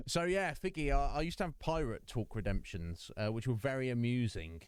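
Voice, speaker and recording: A man's voice: medium pitch, lively intonation, moderate pace, smooth, dry recording, faint music behind. A man hosting his game live stream, chatting in a rambling way and laughing often. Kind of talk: casual live-stream chat.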